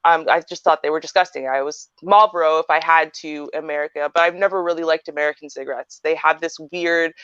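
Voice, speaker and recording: A woman's voice: deep voice, fairly even intonation, fast, hardly any pauses, a bit bright, smooth, no echo. A woman hosting a podcast in casual chat, explaining her points with emphasis, one by one. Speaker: podcast host. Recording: dry, dull lo-fi sound.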